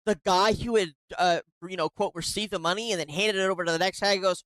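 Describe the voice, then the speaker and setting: A woman's voice: medium pitch, steady tone, quick pace, fairly bright tone, no room sound, poor audio. A woman giving casual reaction commentary on a clip, exasperated and swearing often. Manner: exasperated, swears a lot, says "bro".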